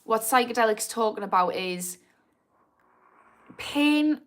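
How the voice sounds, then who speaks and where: A woman's voice: on the high side, lively intonation, slow pace, fairly bright tone. Chatty Geordie woman on a livestream. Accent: Geordie with a slightly posh edge. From Newcastle, England. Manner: frank and chatty, swears freely, reads comments aloud. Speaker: livestream host answering viewer comments. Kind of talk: casual live-stream chat.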